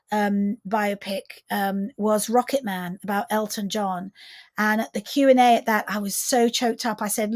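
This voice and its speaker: A middle-aged woman, a film director, chatting as a guest on a video call interview in an animated, expressive way, often restarting her sentences. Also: medium pitch, no echo, studio quality. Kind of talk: casual interview chat.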